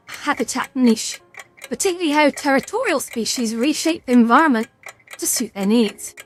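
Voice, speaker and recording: A young British woman streaming a quiz game, chatting casually, reading questions aloud and stumbling over hard words with a self-mocking, swearing manner. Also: fairly high pitch.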